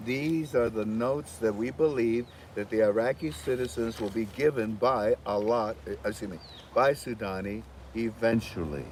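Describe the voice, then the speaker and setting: A man's voice: on the low side, moderate pace, a little mellow, a little hiss or hum. A man hosting his channel, rambling casually with many restarts, recorded outdoors. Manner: rambling, restarts, chats to chickens. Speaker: channel host. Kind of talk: casual monologue to viewers. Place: outdoors with chickens.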